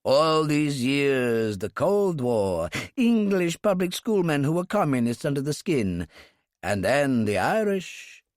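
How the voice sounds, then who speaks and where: Male thriller narrator, measured, lively pitch, dry close mic. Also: no room sound. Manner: measured storytelling. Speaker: audiobook narrator. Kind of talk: scripted audiobook narration.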